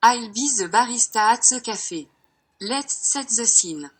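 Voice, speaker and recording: A woman's voice: on the high side, a little slow, husky. Polite French-accented synthetic woman. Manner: even, polite synthetic reading. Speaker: AI chat voice.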